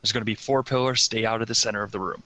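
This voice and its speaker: A man playing a tabletop game, animated and joking. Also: on the low side, rapid-fire, poor audio. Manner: animated, jokey. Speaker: player. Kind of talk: casual tabletop play.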